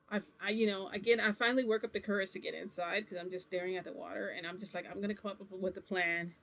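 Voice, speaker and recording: A woman's voice: mid-range voice, a bit bright. Rambling woman telling a story. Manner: rambling, full of "like" and self-corrections. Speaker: vlogger. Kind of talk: casual storytelling.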